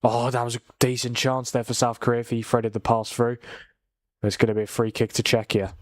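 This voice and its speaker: A man's voice: medium pitch, level tone, a little fast, no room sound, studio quality. Tired, yawning young man. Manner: tired, yawning, chatty with restarts. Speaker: watchalong host. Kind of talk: casual live football commentary.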